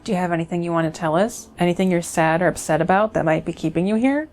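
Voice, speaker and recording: A woman's voice: on the low side, fast talker, darkish tone, soft background music, lightly acted. A woman reading aloud the lines of a blunt male watcher who guides the dead onward in a video game.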